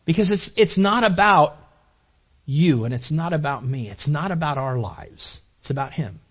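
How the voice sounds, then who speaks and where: A middle-aged man preaching a sermon in a conversational way, often repeating and restarting words and moving between hushed and raised passages. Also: a little high, lively intonation, moderate pace, breathy edge, highs cut off. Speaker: pastor.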